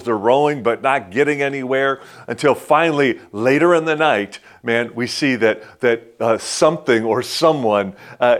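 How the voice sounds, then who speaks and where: Conversational pastor preaching a sermon. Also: male voice, medium pitch. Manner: conversational preaching, often drops to a soft hush; frequent filler "man" and "right?".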